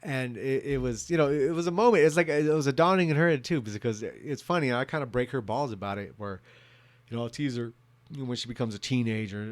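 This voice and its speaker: A man's voice: medium pitch, a little fast, no room sound. Rambling, profane man ranting. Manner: profane, rambling, many restarts. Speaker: vlogger. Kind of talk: drunken rant.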